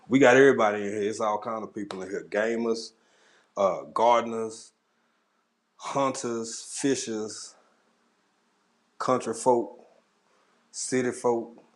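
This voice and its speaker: A man hosting a casual livestream, greeting viewers in the chat one by one in a laid-back way. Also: lowish voice. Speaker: livestream host. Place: home at a camera.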